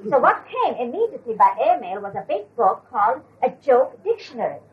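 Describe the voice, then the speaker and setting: A woman's voice: on the high side, very animated, brisk. Older woman telling a story, lo-fi. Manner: warm, hesitant with fillers. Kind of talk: anecdote retelling. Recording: dull lo-fi recording.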